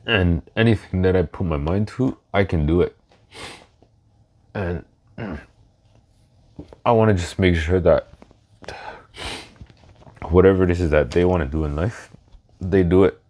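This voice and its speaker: A man in his thirties hosting a solo podcast in a casual way, slow and reflective, pausing to gather his thoughts. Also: deep voice, a little mellow. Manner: emotional, laughs through his words. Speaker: podcast host.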